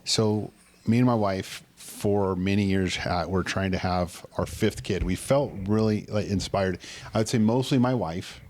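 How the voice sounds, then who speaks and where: A man's voice: low-pitched, a little slow, a little mellow. A man in his thirties co-hosting a podcast, telling a personal story in a rambling, earnest way. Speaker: podcast co-host. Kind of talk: casual storytelling chat.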